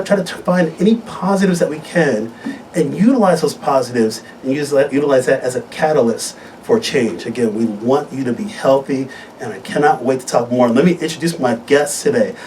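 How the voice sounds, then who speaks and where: A man who is a physician, hosting a live radio health talk show in a studio, telling stories in an upbeat, animated way. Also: far from the mic, a little hiss or hum, poor audio. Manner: upbeat, animated storytelling with wide pitch swings. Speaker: host, physician.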